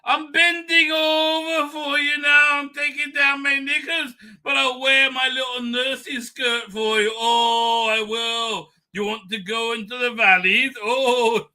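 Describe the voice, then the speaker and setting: A man's voice: extremely high pitch, flat delivery, measured pace, few pauses, sharp tone, slight background noise, voice pushed up, heavily acted. A man voicing a simpering, exaggerated caricature of a male protester in a camp, sing-song voice. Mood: mocking.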